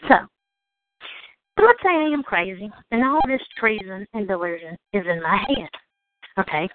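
A woman's voice: medium pitch, animated, normal speed, long pauses, dry recording. A woman from Georgia with a Southern accent, delivering an indignant, sarcastic rant and swearing freely. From Georgia, United States. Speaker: host of a call-in show. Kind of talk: angry monologue. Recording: tinny phone line.

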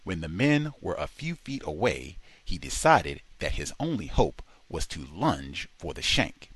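Brief: male book reader, low and expressive, dry close sound. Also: measured pace, slightly rough, dry recording. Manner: dramatic, expressive reading. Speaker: audiobook reader. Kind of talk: reading a nonfiction book aloud.

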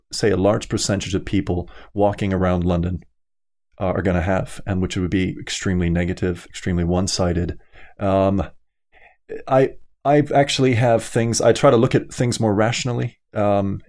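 Man from denmark, podcast guest, lowish voice, measured, lots of ums. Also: a little mellow. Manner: hesitant, many ums, measured. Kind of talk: casual podcast chat.

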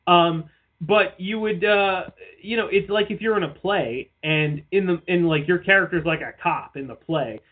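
Male podcast co-host, high voice, profane and rambling, tinny phone-like sound. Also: moderate pace. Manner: profane, rambling, mocking asides. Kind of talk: casual chat.

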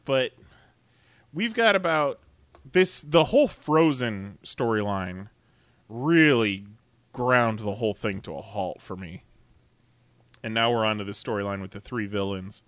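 A man's voice: lowish voice, expressive, a little slow, long pauses, a bit bright, dry recording. A man co-hosting a podcast in casual chat, ranting with plenty of swearing and frequent laughs. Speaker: podcast co-host.

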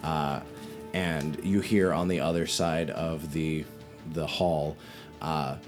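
A man narrating as game master in a tabletop game, relaxed and rambling. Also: extremely low pitch, takes it slowly, over music.

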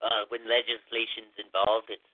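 A man hosts a comic call-in show with dry, deadpan wit, twisting his caller's words. His voice sounds narrow and lo-fi, like it's coming over a phone line. There is no room sound at all. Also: on the low side, no echo. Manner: deadpan, wry, deliberately misunderstanding. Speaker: radio show host. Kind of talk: comedic call-in radio bit.

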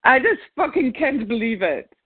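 A woman's voice: high voice, very animated, normal speed, husky. A woman in a therapy session, angrily venting and swearing at her partner, repeating her words. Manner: furious, swearing, repeating herself. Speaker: therapy client. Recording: tinny dry phone-like sound.

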